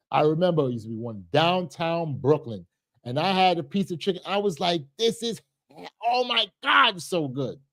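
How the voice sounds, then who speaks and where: A man, chatting casually to a livestream audience. His voice sits a little high and sounds dry and close to the mic. He rambles, repeats words and laughs as he reads comments. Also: a little mellow, no room sound. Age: 30s. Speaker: livestream host.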